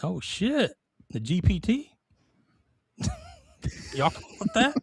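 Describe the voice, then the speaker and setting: A man co-hosting a casual gaming podcast, joking and animated in back-and-forth banter. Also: sits high, slow, vocal fry, slightly rough, no room sound. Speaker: podcast co-host.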